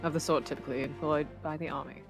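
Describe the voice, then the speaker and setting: A streamer voicing a cold, aristocratic male prosecutor in a measured, formal manner. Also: medium pitch, flat delivery, close to an everyday voice. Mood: cool. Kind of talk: voicing a game character on stream. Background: background music.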